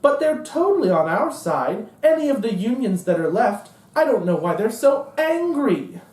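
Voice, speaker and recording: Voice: medium pitch, sing-song, normal speed, a little mellow, roomy sound, distant mic, natural voice. A stage monologuist voicing a smug, clueless liberal party insider in a mock-innocent, sarcastic way.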